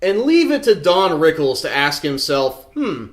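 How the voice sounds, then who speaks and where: Snarky, lively male movie reviewer. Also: fairly high pitch, normal speed. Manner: sarcastic, snarky. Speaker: host of a movie review show. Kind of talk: comedic movie review commentary.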